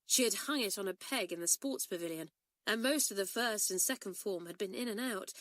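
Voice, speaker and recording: A woman narrating an audiobook with expressive storytelling. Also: mid-range voice, brisk, dry recording, studio quality.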